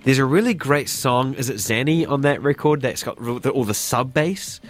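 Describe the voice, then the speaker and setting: A man's voice: mid-range voice, moderate pace. Laid-back New radio host man. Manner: laid-back, slangy, chatty. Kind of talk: casual radio interview.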